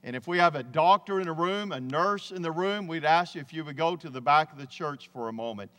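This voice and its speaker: Pastor, male, high voice, folksy and emphatic, recorded in a church with a long hall reverb. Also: brisk, pushed and bright. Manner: folksy, emphatic preaching, often says "man". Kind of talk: sermon. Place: church sanctuary.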